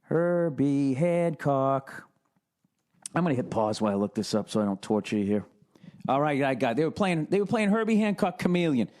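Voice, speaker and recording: A man's voice: mid-range voice, expressive, fast, darkish tone. A male comedian ranting sarcastically on a podcast and swearing constantly.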